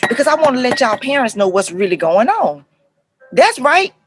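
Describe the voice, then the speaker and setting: A middle-aged woman, a counselor telling stories to parents in a lively, conversational way and acting out the voices. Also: on the high side, moderate pace, slightly rough, rough recording. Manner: animated retelling, acts out voices, addresses viewers as y'all. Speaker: counselor and life coach speaking to parents. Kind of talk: casual talk to camera, storytelling.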